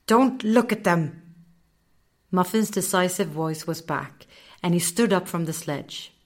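A woman narrating a children's story in a gentle, measured way. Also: lowish voice.

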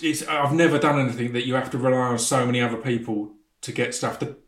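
A man's voice: medium pitch, steady tone, quick pace, roomy sound. A man talking casually as a podcast guest, with a stammer that catches on the first sounds of words. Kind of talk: casual chat.

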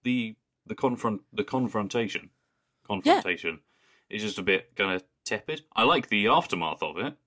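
A young Englishman with a very low voice, co-hosting a podcast. He makes wry, dry jokes in casual chat, and his tone comes across bright and forceful. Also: expressive, moderate pace. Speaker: podcast co-host.

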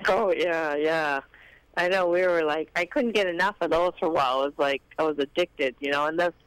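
A woman's voice: low-pitched, brisk, clear, resonant tone, no echo, low-quality recording. A woman chatting on a radio show, rambling and hesitant, with many fillers. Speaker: guest co-host. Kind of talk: casual on-air chat.

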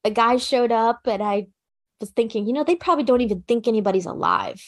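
A woman recounting a personal survival story in an interview, speaking in a calm, practical, matter-of-fact way with casual fillers. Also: on the high side, quick pace. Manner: plain conversational fillers like "you know" and "like". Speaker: interview guest.

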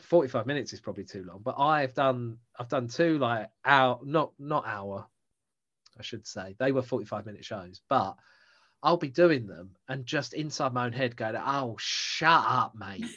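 A man's voice: medium pitch, moderate pace, fairly bright tone. A man, a stand-up comedian chatting casually on a podcast and telling rambling, self-mocking stories. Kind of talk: casual chat between comedians. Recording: dull lo-fi sound.

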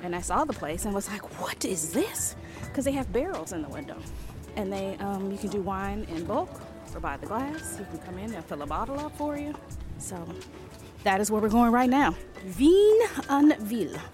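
A woman's voice: mid-range voice, expressive, moderate pace, music in the background. A woman narrating a casual vlog in an upbeat way, guiding the viewer along.

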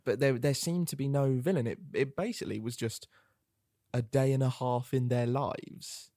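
A man's voice: medium pitch, normal speed, warm tone, no room sound. A man co-hosting a film podcast, making wry, dry quips in casual chat. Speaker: podcast co-host. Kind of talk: casual chat about films.

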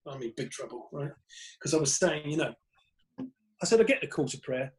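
Man, comedian guest, rambling anecdotes, slightly high voice, casual podcast chat. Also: a little fast, rough recording. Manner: rambling, animated anecdotes with swearing.

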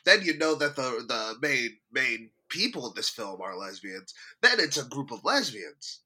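Male podcast co-host, bright sharp tone, lively pitch, giggly and teasing. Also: a little slow. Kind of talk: casual chat.

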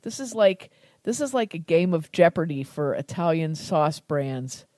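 Chatty American woman, low voice, close and dry. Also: animated, measured pace, a little mellow, dry recording. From United States. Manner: chatty and self-deprecating, laughs easily. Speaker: cooking podcast host. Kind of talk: casual cooking chat.

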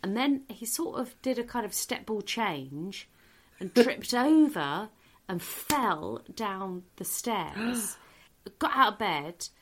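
A woman's voice: mid-range voice, takes it slowly, breathy edge. A middle-aged woman, a comedian guest telling a comic anecdote in a podcast chat and laughing through it. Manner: lively storyteller, laughs through her own story.

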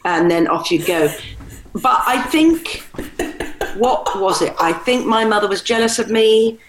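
A woman's voice: medium pitch, animated, unhurried, noisy background. A middle-aged woman speaking as an interview guest, telling stories candidly and mimicking quotes with animation. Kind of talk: conversational interview.

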